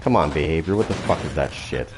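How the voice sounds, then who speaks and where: A man's voice: a bass voice, expressive, quick pace, background noise. A man giving profane, trash-talking commentary while playing a video game, taunting opponents. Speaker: gaming channel host. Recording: loud game sounds behind.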